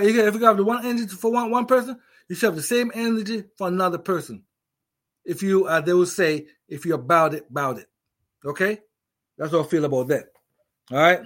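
A middle-aged man with an accent, a veteran, giving a casual, emphatic opinion monologue with many restarts. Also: high-pitched. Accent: non-native English. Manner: emphatic, repetitive, restarts often. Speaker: veteran commentator.

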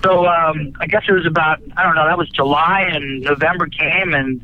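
A man spinning long, folksy anecdotes as a guest, slightly high-voiced and full of "uh"s and restarts. He curses casually. The audio is dull and lo-fi, like a call line. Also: steady tone, moderate pace, slight background noise. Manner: folksy, many fillers and restarts, breezy cursing. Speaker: guest, radio broadcaster and author. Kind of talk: rambling anecdotal storytelling.

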